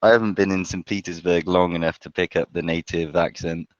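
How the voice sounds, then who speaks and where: Man, very deep voice, moderator, wry, dull lo-fi audio. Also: fairly even intonation, a little fast, no room sound. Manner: wry, dry humor. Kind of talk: reading questions, live Q&A.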